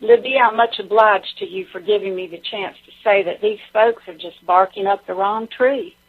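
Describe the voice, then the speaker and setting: A woman's voice: mid-range voice, moderate pace, breathy edge. A woman with a Southern US accent, a guest speaking in a folksy, homespun way full of regional sayings. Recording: phone-line audio.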